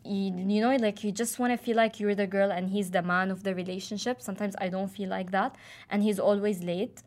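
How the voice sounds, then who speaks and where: Hesitant young woman, halting speech. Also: mid-range voice, steady tone, a little mellow. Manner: hesitant, many fillers and restarts. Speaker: client describing relationship. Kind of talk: casual conversation.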